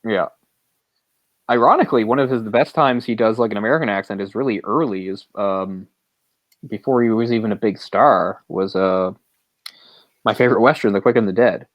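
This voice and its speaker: A man's voice: fairly low pitch, brisk, dry recording, dull audio. A man co-hosting a movie podcast, rambling and opinionated, often chuckling as he talks. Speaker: podcast co-host. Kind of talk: casual movie discussion.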